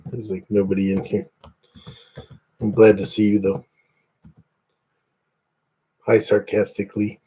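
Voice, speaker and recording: A man chats casually with his livestream viewers, wandering from topic to topic. His voice sits on the low side with a soft, mellow tone. He jokes easily and often at his own expense. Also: completely flat delivery, measured pace, long pauses, slightly rough. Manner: rambling, self-deprecating joking. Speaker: livestream host. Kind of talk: casual chat with live viewers.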